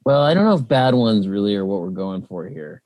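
A man co-hosting a casual devotional, playful and joking, pausing often with fillers. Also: fairly low pitch, very animated, no room sound, lo-fi sound. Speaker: devotional co-host.

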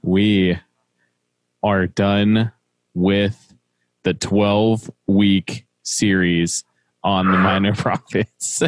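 Man, Midwestern accent, devotional co-host, relaxed and good-humored, close and dry. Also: low-pitched, very slow, long pauses, dry recording. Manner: easygoing, laughs often, reads scripture steadily. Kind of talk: casual devotional discussion.

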